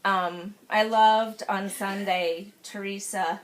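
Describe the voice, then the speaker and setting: A woman's voice: medium pitch, steady tone, slow pace. A woman, a sales consultant, talking casually and emotionally to her group, searching for words as she gushes. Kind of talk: casual group sharing at a meeting. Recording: noisy room recording.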